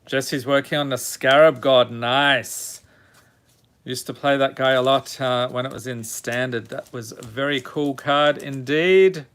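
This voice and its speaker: Slow-talking man hosting a live stream. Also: mid-range voice, fairly even intonation, a bit bright, clear, resonant tone. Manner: reads item names one by one, jokes with viewers. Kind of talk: casual live-stream chat while opening card packs.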